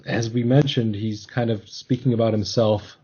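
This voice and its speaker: A man's voice: mid-range voice, steady tone, normal speed, mellow, slightly rough, dull audio. A man hosting a casual podcast discussion, talking thoughtfully and hesitantly with many restarts. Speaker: podcast host.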